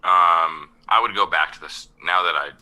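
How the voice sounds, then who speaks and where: A man's voice: low-pitched, normal speed, bright, forceful tone, poor audio. A man playing a tabletop role-playing game who talks hesitantly and often starts with um. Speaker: player. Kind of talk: casual play at a tabletop game.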